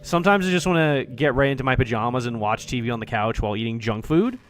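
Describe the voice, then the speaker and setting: A man's voice: medium pitch, animated, fast, a little hiss or hum, pitched below the performer's own voice, lightly acted. A man reading aloud a cheerful young female club president from a visual novel, in a playful, teasing way. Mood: cozy.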